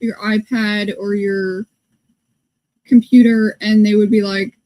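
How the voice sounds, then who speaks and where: A woman's voice: mid-range voice, flat delivery, slow pace, dark tone, low-quality recording. A woman from the northern United States co-hosting a podcast, chatting casually and telling stories with quoted asides. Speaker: podcast co-host. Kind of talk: casual chat.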